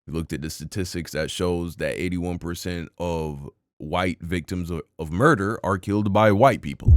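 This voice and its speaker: A man with an extremely low voice talks casually over news clips. He drops in short exclamations and comments, and his voice is recorded dry and close to the mic. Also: no room sound. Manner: reacts aloud, quick exclamations between clips. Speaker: reaction streamer.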